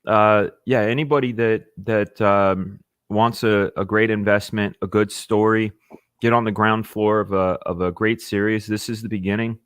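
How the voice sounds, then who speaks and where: A man hosting a casual livestream, talking with eager enthusiasm and halting restarts, sometimes with his mouth full. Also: lowish voice, steady tone, smooth, dry recording, clean studio sound. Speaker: livestream host.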